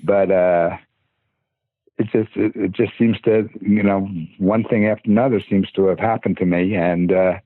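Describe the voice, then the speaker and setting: A low-voiced older man, guesting on a podcast, tells rambling, casual stories, often stammering and restarting. His husky delivery has fairly even intonation at a normal speed. The recording is dry and comes over a tinny, phone-like line.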